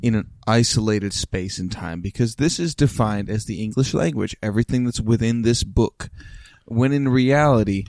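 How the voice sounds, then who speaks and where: A man's voice: fairly low pitch, moderate pace, darkish tone, no echo. A man on a casual drinking podcast, musing at length in a thoughtful, rambling way with some swearing. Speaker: podcast co-host. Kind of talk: casual chat over drinks.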